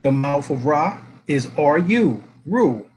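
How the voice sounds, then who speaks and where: High-voiced man lecturing from references. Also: expressive, takes it slowly, darkish tone, a little hiss or hum, poor audio. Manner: emphatic, spells out letters, asks rhetorical questions. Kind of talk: reading and explaining references.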